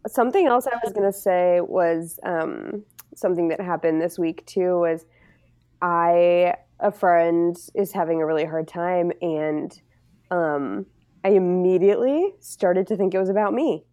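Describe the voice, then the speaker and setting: A young woman with a lowish, mellow voice talks openly in a podcast chat. She sounds earnest and a little self-deprecating, leaning heavily on "like" as she goes. The sound is close and dry. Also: unhurried, dry recording. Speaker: podcast co-host. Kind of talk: casual candid conversation.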